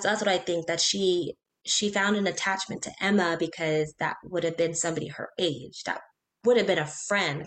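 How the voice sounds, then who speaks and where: A woman in her thirties, a guest in an interview, telling a personal story in an earnest, halting way, with restarts and quoted speech. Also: fairly low pitch.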